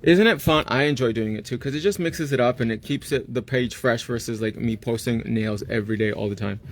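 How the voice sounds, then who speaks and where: A man hosting a live stream and chatting casually while he works on a client's nails, telling stories in an animated way. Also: mid-range voice, brisk, a little hiss or hum. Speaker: nail artist and host.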